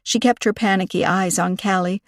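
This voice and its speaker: A woman narrating a cozy mystery audiobook in a measured storytelling way. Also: medium pitch, fairly even intonation, no echo, clean studio sound. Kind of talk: scripted narration.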